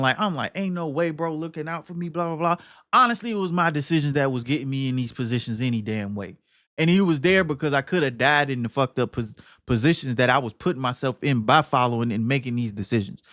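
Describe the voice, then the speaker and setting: A man hosting a podcast, talking casually and emphatically about a film, cursing freely and swinging between loud outbursts and low muttering. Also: no echo, studio quality. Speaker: podcast host.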